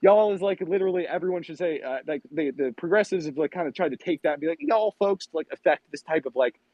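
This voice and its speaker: A man from New England talks in a loose, animated ramble full of swearing. His voice sits a touch high. The recording is close and dry, with a muffled lo-fi tone. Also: quick pace, no echo. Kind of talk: casual chat.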